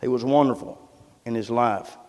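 A man preaching a sermon with fervent, repetitive phrasing that builds to loud exclamations. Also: mid-range voice, normal speed. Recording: long reverb of a church hall.

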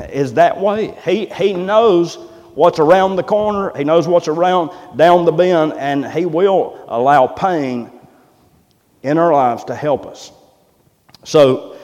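A man's voice: fairly high pitch, takes it slowly, a little mellow, big-room sound. A middle-aged man, preaching a sermon in a folksy, plain-spoken way. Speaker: pastor.

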